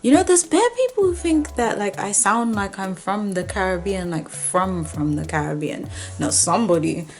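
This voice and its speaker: A young woman from Nigeria chatting casually to the camera in a vlog, animated and joking, sometimes mimicking commenters. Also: medium pitch, moderate pace, hardly any pauses, faint music behind. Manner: chatty, animated, with playful put-on voices of commenters. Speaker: vlogger. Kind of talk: casual talking-to-camera chat.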